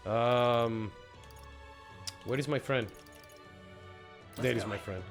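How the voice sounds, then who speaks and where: A man, not a native English speaker, chatting excitedly and laughing through live gameplay commentary. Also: medium pitch, slow, pauses often, soft background music. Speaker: streamer.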